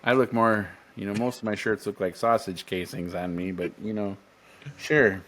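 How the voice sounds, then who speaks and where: A man's voice: lowish voice, fairly even intonation, moderate pace, a bit bright. Joking young man co-hosting a podcast. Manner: jokey, theatrical gasps and self-mocking. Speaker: podcast co-host. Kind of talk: casual chat.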